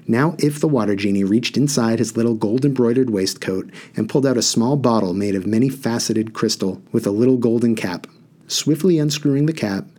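A man's voice: on the low side, warm tone. A male teacher reading a storybook aloud to a class, with chatty, lightly humorous asides.

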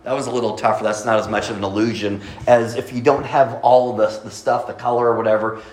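A male pastor giving a conversational sermon, asking his congregation questions and pausing over his words. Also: mid-range voice, fairly even intonation, echoey room, slight background noise, poor audio. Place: church sanctuary.

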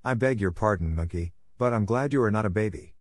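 A man voicing a gentle, hopeful young girl who speaks in an earnest, tender and polite way. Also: on the low side, a little fast, no room sound, clean studio sound, natural voice. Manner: earnest and tender, softly affectionate.

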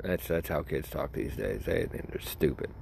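Young guy with a real low voice, joking around, rambling and cutting himself off a lot. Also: unhurried, creaky, husky. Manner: animated, joking, self-interrupting storyteller. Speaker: podcast host. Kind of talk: casual rambling monologue.

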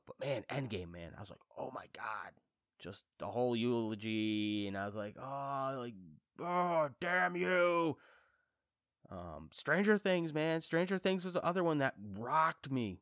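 A man in his thirties chatting on his own show, with a lowish voice and a slightly congested chest. He rambles, laughs at himself and leaps into animated reactions when he quotes himself. The sound is dry and close to the mic. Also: dry recording. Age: 30s. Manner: rambling, self-deprecating, lively quoted reactions. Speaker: podcast host. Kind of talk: casual chat.

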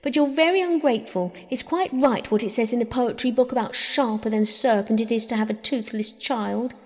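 A woman's voice: sits high, normal speed, dark tone, big-room sound, voice pushed up. A woman voicing a young girl who squabbles with her brother, prim and tearful, in a storybook reading. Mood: indignant. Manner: sobbing, sniffly, prim.

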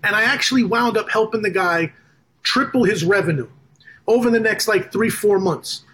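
High-voiced man telling a business story. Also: moderate pace. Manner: animated storyteller who acts out quoted conversations. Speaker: guest, business funder. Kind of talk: casual storytelling in a podcast interview.

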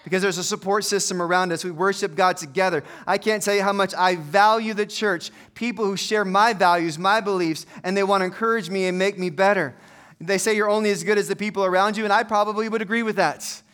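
Middle-aged male pastor, chatty humorous preacher, high and smooth. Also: fairly even intonation, fast, a bit bright. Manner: conversational, humorous storytelling preacher. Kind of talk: sermon.

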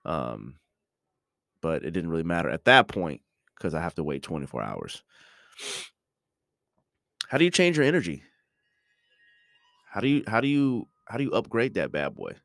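A middle-aged man with a very low voice muses aloud on his podcast, stopping and restarting his sentences often. He is recorded close and dry, with no room sound behind him. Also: a bit bright, dry recording. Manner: halting, many restarts and ums, reflective. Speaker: podcast host. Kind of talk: casual reflective monologue.

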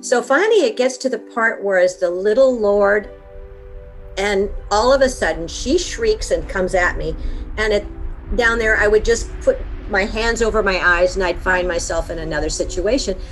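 A middle-aged woman recounting a personal story in an interview, earnest and vivid. Her pitch sits in a middle range, and soft music plays faintly behind her. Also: moderate pace. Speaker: interview guest.

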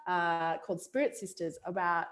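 Telling a personal story as an interview-show guest, this middle-aged Australian woman speaks at a moderate pace with a fairly low pitch. She keeps it casual and lively, laughing a lot and acting out her past thoughts.

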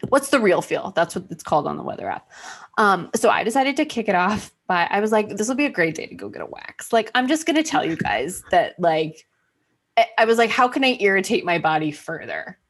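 A woman hosting a podcast, telling a story in casual chat, animated, swearing freely and acting out what she said. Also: mid-range voice, a little fast. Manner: animated, swears freely, acts out her own past remarks. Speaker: podcast host.

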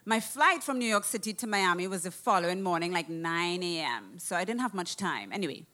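Animated woman telling a profane story. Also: lowish voice, fairly quick. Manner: animated, profane, acts out quoted voices. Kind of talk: casual anecdote telling.

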